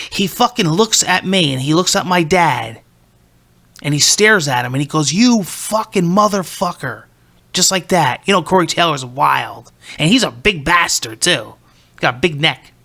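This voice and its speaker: A man in his thirties hosting a podcast, telling a concert story in a profane, excitable, rambling way. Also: fairly high pitch, creaky. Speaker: podcast host. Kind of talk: casual storytelling.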